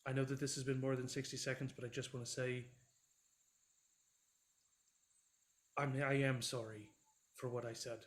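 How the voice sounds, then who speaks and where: A man voicing an awkward, remorseful man in a tabletop role-play, who talks haltingly and apologetically. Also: mid-range voice, flat delivery, natural voice.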